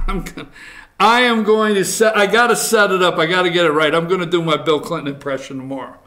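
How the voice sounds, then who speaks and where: A man hosting a morning talk show, reading headlines aloud and joking about them in a casual, animated way. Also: sits high, a little fast. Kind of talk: casual political commentary.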